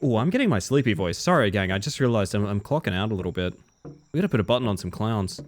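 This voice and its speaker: A lively, low-voiced man streams a game and talks fast in casual commentary. He's chatty, responding to viewers' messages and reacting to the gameplay in the moment.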